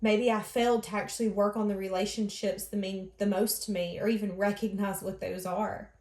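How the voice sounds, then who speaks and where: Woman tarot reader, earnest and emotional, mid-pitched, in a roomy echo. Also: little pitch movement, brisk, darkish tone. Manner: earnest, channels others' words in first person. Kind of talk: emotional tarot reading monologue.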